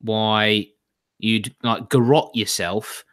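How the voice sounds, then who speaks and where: A man chats on a casual podcast, dropping dry, wry remarks. His voice is bright and clear. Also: lowish voice, steady tone, slow. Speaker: podcast co-host. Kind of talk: casual live podcast discussion.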